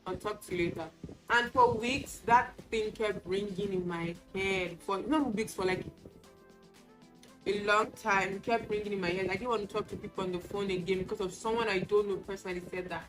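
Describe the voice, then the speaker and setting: A woman's voice: mid-range voice, steady tone, normal speed, low-quality recording. A woman talking casually while getting ready on camera, telling candid personal stories and acting out what people said to her. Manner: chatty, candid storytelling; acts out quoted exchanges. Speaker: beauty vlogger. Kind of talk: casual get-ready-with-me chat. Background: music playing.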